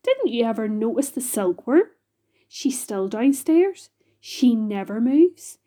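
A woman voicing an old green grasshopper in a storybook reading, brisk and confident. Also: on the high side, big pitch swings, mellow, heavily acted. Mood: reassuring. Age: older.

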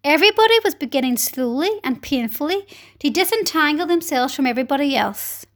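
Woman reading a kids' story, high voice, swoops up and down a lot. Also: fairly quick. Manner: animated, dramatic. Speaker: narrator.

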